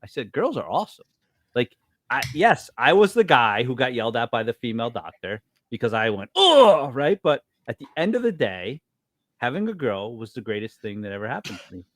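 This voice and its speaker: Animated man, dry close sound. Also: brisk, dry recording. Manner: animated storyteller, acts out quotes with big pitch jumps. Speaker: podcast co-host. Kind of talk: casual chat.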